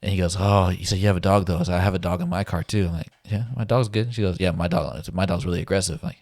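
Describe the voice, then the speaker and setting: Speaking very fast in a very low voice, a man shares his survival story as a guest, relaxed and easygoing. He frequently laughs and performs the lines others said to him. The sound is close and dry.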